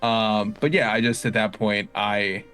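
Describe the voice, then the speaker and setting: A man's voice: fairly low pitch, level tone, unhurried, a bit bright, clear, resonant tone. A man playing at a tabletop game, talking in a loose, rambling style and drifting onto tangents. Faint music sits behind him. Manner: rambling, tangent-prone, laughing. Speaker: player. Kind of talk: casual game chat.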